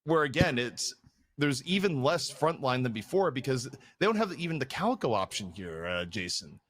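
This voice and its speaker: A man's voice: mid-range voice, very animated, moderate pace, a bit bright. A man casting an esports match, giving analytical commentary and thinking aloud with frequent restarts. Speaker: esports caster.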